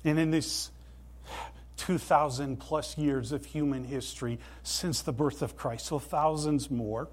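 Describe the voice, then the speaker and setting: A man preaching a sermon in a church, earnest and emphatic, with deliberate pauses. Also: fairly high pitch, steady tone. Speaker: pastor.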